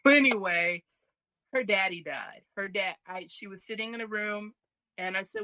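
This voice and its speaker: A woman co-hosting a relaxed podcast conversation, telling stories with lots of energy. Her voice is bright and forceful, and she slips into the voices of the people she's quoting. The sound is dry and close, with no room around it. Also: mid-range voice, measured pace, dry recording. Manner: animated, acts out quoted voices, laughs easily. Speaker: podcast co-host. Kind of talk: casual chat, storytelling.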